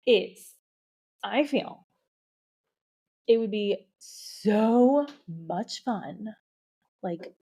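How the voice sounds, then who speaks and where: A woman hosts her own podcast and talks straight into the microphone, excited and gushing, full of fillers. She sounds a little out of breath, and her voice is mellow and warm, not bright. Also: mid-range voice, drawn-out words, pauses often. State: a bit out of breath. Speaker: podcast host, beauty industry coach. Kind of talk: solo podcast monologue.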